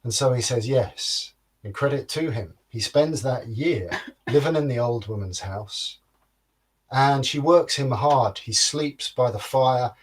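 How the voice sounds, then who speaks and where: Husky male folktale storyteller. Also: medium pitch, measured pace. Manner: lively, rhythmic storytelling with sound words. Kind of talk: livestreamed folktale telling.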